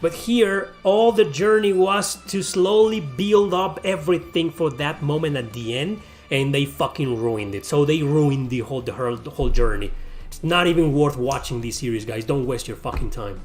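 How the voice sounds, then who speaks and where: A man's voice: a little high, moderate pace, faint music behind. A man hosting his own channel, ranting heatedly and profanely to camera, often repeating himself. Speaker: YouTube host.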